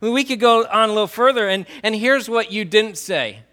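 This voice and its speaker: A man preaching a sermon in a church, swinging between loud emphasis and quiet low lines and drawing answers from the congregation. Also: fairly quick. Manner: asks the congregation questions and writes on a whiteboard. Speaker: pastor.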